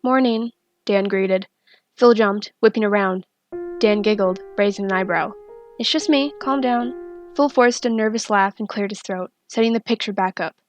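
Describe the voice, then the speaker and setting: A woman narrating a fanfiction story in a steady, soft-spoken reading. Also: medium pitch, normal speed, faint music behind. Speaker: fanfiction reader.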